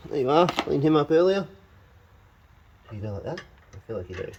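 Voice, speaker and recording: A home mechanic vlogging casually from his garage tinkers with his truck, muttering to the parts and mocking himself in a wry, grumbly way. He sounds slightly high-pitched, very animated and a bit fast, over dull audio with a noisy background.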